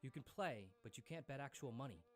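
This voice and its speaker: A narrator reading the lines of a rule-bound bookmaker in a video essay. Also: male voice, mid-range voice, animated, brisk, soft background music, natural voice. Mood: firm.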